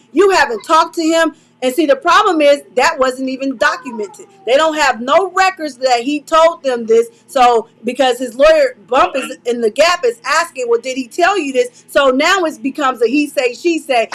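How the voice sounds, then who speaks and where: A woman with a high voice reads through a courtroom exchange, naming whoever speaks next. She stresses points by repeating phrases and breaks off into her own commentary. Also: fairly bright tone. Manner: reads both sides of an exchange aloud, naming each speaker. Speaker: commentator reading court transcript. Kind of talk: dramatic reading of court dialogue with commentary.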